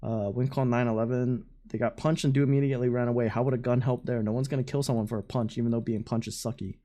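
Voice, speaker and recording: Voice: mid-range voice, steady tone, fast, mellow. A streamer giving loose, casual live reaction commentary, often laughing and swearing.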